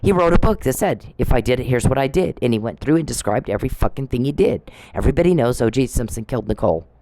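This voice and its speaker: A woman with a rumbling low voice hosts her own podcast, talking fast and animatedly in a mellow tone on a low-quality recording. In this angry personal monologue she tells a story bluntly, swearing and accusing someone she speaks to directly.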